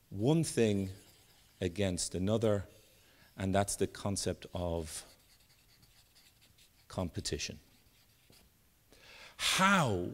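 Lively, slow-paced male keynote speaker. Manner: animated storyteller, sweeping pitch for emphasis. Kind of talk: live keynote talk with jokes and stories. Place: conference stage with an audience.

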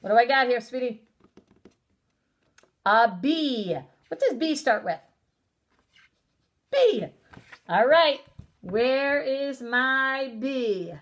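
A woman's voice: a little high, big pitch swings. Sing-song woman teaching young children. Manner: encouraging, sing-song, sounds out letters slowly. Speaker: preschool teacher. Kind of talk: recorded lesson for young children.

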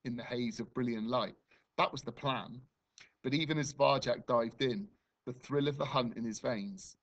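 Expressive male teacher reading a story aloud. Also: medium pitch. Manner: expressive storytelling, dramatic dynamics. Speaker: primary school teacher. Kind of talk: reading a novel aloud to a class.

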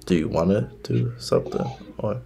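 A man's voice: lowish voice, normal speed, gravelly, warm tone, breathy edge. A man in his twenties casually chatting and teasing strangers on a video chat. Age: 20s. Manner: teasing, joking, mock offended.

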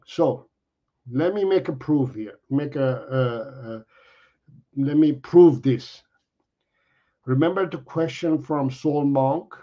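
A man's voice: medium pitch, slow pace, pauses often, warm tone. A middle-aged man, a dog trainer, explaining to viewers in an earnest way, repeating himself and restarting his sentences. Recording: dull lo-fi audio.

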